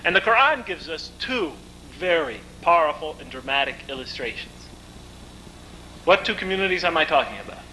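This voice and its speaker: A man giving a lecture, telling stories in a vivid, animated way. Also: fairly high pitch, moderate pace, slight background noise, rough recording. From United States. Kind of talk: storytelling lecture.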